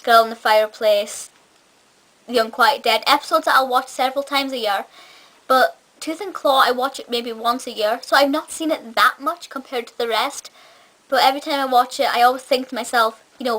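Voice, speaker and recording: A woman's voice: fairly high pitch, fairly bright tone. A woman with a part-Scottish accent giving a casual, enthusiastic review vlog, chatty with frequent fillers and restarts. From Scotland. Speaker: film reviewer.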